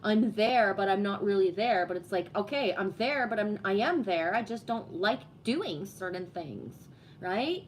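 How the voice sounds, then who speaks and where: A middle-aged woman from Canada chatting casually on a livestream, telling stories in an animated way with a lot of swearing. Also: medium pitch, a little slow, a little hiss or hum. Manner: animated storytelling with heavy swearing. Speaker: livestream host.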